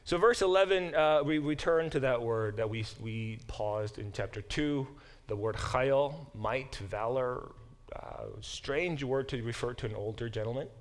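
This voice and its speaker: A man's voice: mid-range voice, a little slow. Man, Bible class teacher, lecturing, self-correcting, emphatic reading of verses. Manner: explanatory, digressive, self-correcting; reads verses aloud with emphatic, lifted delivery.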